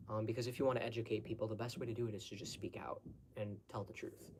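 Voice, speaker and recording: A man's voice: medium pitch, a little mellow, a little hiss or hum. A man speaking unscripted to his viewers in a blunt, lecturing way, urging them to think for themselves. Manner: blunt, lecturing, exhorting the listener. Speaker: host answering audience questions. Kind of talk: unscripted monologue.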